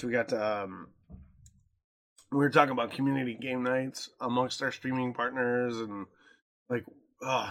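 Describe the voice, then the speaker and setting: A man co-hosting a casual podcast. He talks in an animated way and jumps high in pitch when he jokes and mimics people. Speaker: podcast co-host.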